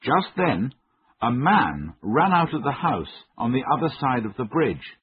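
A man reading a storybook aloud slowly, with a very husky voice, his pitch rising and falling widely. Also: big pitch swings, no echo. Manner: slow, with wide swings of pitch. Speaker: storybook narrator. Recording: tinny narrow-band recording, dry.

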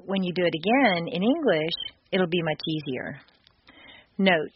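A woman reading a scripted audio lesson as a language instructor, enunciating clearly and demonstrating shifts in word stress. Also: lowish voice, a little hiss or hum. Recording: dull lo-fi audio course recording.

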